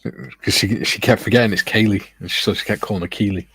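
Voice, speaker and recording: A man's voice: on the low side, steady tone, quick pace, fairly bright tone, breathy edge, dry recording. A man chatting easygoingly and reading out viewer comments on a modelling livestream. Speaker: co-host of a scale-modelling livestream.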